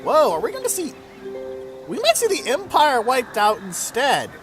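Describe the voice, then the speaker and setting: A man's voice: extremely high pitch, huge pitch swings, normal speed, music in the background. A man giving casual, chatty commentary over his strategy game let's play, swearing now and then. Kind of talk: gameplay commentary.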